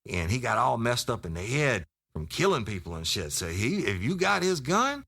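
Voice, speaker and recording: A man's voice: mid-range voice, sing-song, normal speed, vocal fry, pushed and bright, husky, pitched above the performer's own voice, full character voice. A man doing a blunt, cursing narcotics cop. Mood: warning. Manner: profane, warning.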